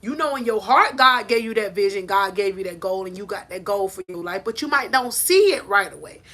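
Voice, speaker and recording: With a medium-pitched voice and a fairly quick pace, a woman life coach preaches faith and motivation on a live stream. She stays animated and often gets close to shouting.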